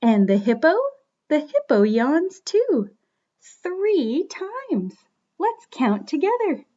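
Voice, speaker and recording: Gentle, high-voiced woman reading a bedtime story. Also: big pitch swings, takes it slowly, muffled recording. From Canada. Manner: gentle and playful, coaxing children to join in. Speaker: children's librarian.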